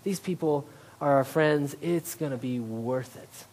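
A man's voice: medium pitch, unhurried, darkish tone. A male pastor preaching a conversational sermon, often checking in with "right?" and joking about himself. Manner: conversational, tag questions like "right?"; self-deprecating humor.

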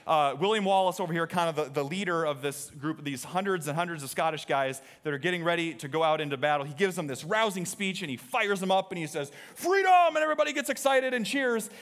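A man's voice: a little high, fairly bright tone. A man preaching a sermon from a church stage, talking in a conversational, joking way and quizzing the congregation. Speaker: pastor.

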